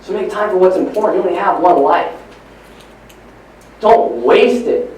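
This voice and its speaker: Man, motivational trainer, animated and preachy, far from the mic, faint crowd ambience. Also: sits high, normal speed, a little hiss or hum. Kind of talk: live motivational talk. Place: large hall at a training event. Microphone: far from the recording mic. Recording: echoey hall from far off.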